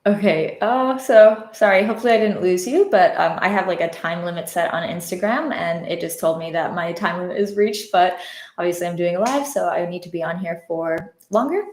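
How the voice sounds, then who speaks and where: A woman's voice: on the low side, brisk, a little mellow, echoey room. A woman hosting a casual live-stream podcast, telling a personal story in a candid, reflective way with frequent fillers. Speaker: podcast host and love coach. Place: indoors at home, live on social media.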